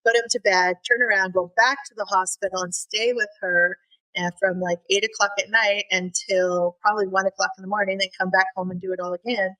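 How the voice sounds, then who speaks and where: A woman's voice: mid-range voice, flat delivery, pushed and bright, rough recording. Earnest middle-aged woman telling a story. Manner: earnest, halting storytelling full of fillers and restarts. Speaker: guest. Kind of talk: personal faith story in a podcast interview.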